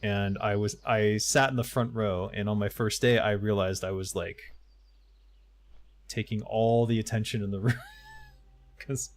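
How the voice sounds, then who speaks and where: A middle-aged man, a game streamer and voice-over narrator, talks in a fairly low, fairly even voice that runs a little slow and includes long pauses. In this casual live gaming stream, he murmurs to himself while playing and then speaks openly to viewers.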